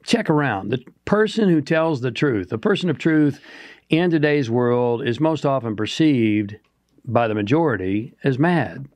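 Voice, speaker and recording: A man's voice: mid-range voice, lively intonation, unhurried, darkish tone, no echo. A man co-hosting a motivational talk show, speaking earnestly and asking the listener rhetorical questions. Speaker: podcast co-host.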